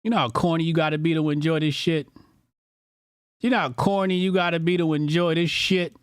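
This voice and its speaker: A man's voice: fairly high pitch, brisk, smooth, dry recording, clean studio sound. A man hosting a casual commentary show, brash, profane and mocking.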